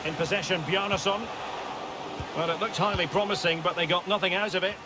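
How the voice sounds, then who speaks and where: A man doing play-by-play football commentary for a video game, with measured calls that build to excited shouts. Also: sits high, noisy background. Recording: loud crowd and game sound under the voice.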